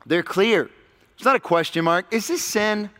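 A man preaching a sermon as pastor, emphatic, swinging between loud stressed lines and quiet low ones. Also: normal speed. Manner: emphatic preaching with sudden swings in pitch and loudness. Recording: long hall reverb.

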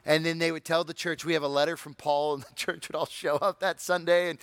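A man preaches in a lively, conversational way, breaking into jokes and high shouted impressions of eager listeners. His voice sits a bit high for a man. The sound is dry and close, with no room echo. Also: quick pace, hardly any pauses, smooth. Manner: animated, acts out excited congregants in high shouts; conversational, humorous asides. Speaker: pastor. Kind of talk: sermon.

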